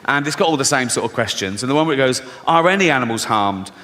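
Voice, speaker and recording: A man's voice: mid-range voice, expressive, fast talker. A man doing stand-up comedy, swearing, acting out bits, and laughing at his own jokes. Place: large theatre with audience. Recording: live hall recording with loud crowd laughter.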